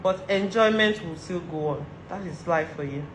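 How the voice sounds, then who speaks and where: A woman's voice: on the low side, normal speed, reverberant, slight background noise, low-quality recording. A woman with a Nigerian accent giving a motivational talk to other women, earnest and repeating her urgings for emphasis. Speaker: vlogger giving advice to women. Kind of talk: motivational monologue.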